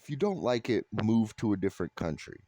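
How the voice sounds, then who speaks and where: A man delivering a blunt, sarcastic, profane rant to camera in a flat, unhappy-sounding voice. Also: on the low side, fairly quick, no echo. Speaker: vlogger. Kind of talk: ranting monologue to camera.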